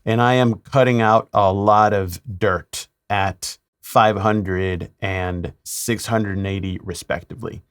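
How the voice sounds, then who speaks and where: A man, a mix engineer, talking through a mixing tutorial in a relaxed way with playful asides. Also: lowish voice, takes it slowly, smooth.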